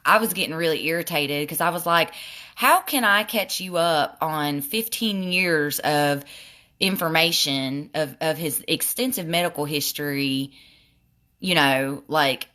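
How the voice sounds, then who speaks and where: Bright-voiced woman venting while doing makeup. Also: lowish voice. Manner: frustrated, animated storytelling with swearing. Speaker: beauty vlogger. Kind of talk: makeup tutorial with venting story.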